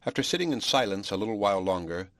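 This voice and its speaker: Audiobook: male narrator, somewhat low voice, measured reading, bone-dry close recording. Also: expressive, a bit bright, dry recording. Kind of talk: scripted narration.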